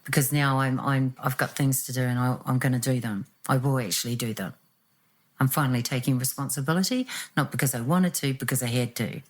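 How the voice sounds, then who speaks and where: A woman, telling her own story in an animated, reflective way and acting out what was said. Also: extremely low pitch, brisk. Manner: animated, acts out quotes with laughs.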